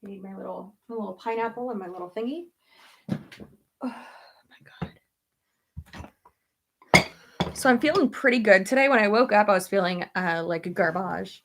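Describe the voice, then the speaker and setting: A woman's voice: medium pitch, fairly bright tone, a little hiss or hum. A young woman vlogging in a casual chat, rambling with lots of "like", laughing often and retelling conversations as quoted dialogue. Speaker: beauty vlogger. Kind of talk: casual chat while getting ready.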